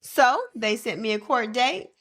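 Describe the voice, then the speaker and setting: A woman co-hosting a podcast in casual chat, telling a story with animated quotes of other people. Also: a little high, unhurried, no room sound, studio quality. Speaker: podcast co-host.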